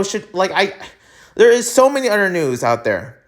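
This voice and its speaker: A man's voice: high-pitched, sing-song, normal speed, a bit bright. A man from the United States hosting his own podcast, who rambles with lots of fillers and restarts and gets heated and emphatic. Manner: heated and emphatic when ranting. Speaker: podcast host. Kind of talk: solo podcast rant.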